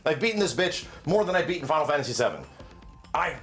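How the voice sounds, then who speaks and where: A man recounts his game experiences in a loose, profane storytelling style. His voice sits a bit high and swings widely in pitch. Faint music plays behind him. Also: animated, quick pace, a bit bright. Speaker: co-host of a gaming debate stream. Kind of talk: casual group chat.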